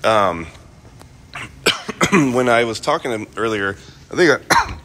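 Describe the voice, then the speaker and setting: Low-voiced man rambling about his car project. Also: lively intonation, a little slow, pauses often, bright, forceful tone. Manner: rambling, plain-spoken, lots of fillers and restarts. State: coughing, clearing his throat. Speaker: car restoration vlogger. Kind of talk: casual talk to camera.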